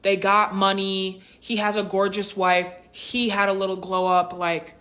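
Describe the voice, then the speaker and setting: Young woman spilling a storytime, bright voice, slangy and dramatic. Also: medium pitch, monotone, measured pace. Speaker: vlogger. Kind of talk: storytime vlog.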